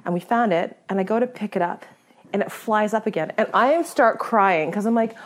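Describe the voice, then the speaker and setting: A woman telling a story as a guest in a conversation, animated, laughing often and acting out her own reactions. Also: medium pitch, normal speed. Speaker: guest hunter.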